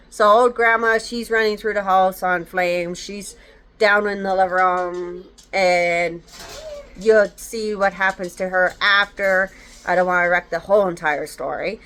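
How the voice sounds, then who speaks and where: A woman's voice: lowish voice, fairly even intonation, measured pace, a bit bright, clean tone. A woman casually retelling a horror novel's plot in a rambling way, full of fillers and quoted dialogue. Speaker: book reviewer. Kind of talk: casual book review recap.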